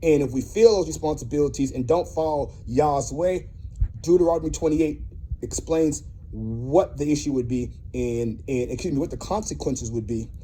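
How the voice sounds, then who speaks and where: A man's voice: fairly high pitch, normal speed, mellow, a little hiss or hum. An American man giving a heated, preachy commentary rant, angry, profane and repetitive. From United States. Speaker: ministry commentator.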